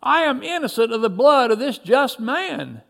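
A man's voice: high-pitched, wildly swooping pitch, exaggerated voice. A man playing Pilate, a stern, exasperated governor. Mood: stern, pleading. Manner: slow, solemn archaic speech. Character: stern Roman governor, male, exasperated, questioning.

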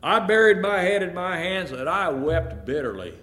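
A man telling a first-person story in an expressive, emotional way. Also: high-pitched, moderate pace. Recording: echoey room, faint noise.

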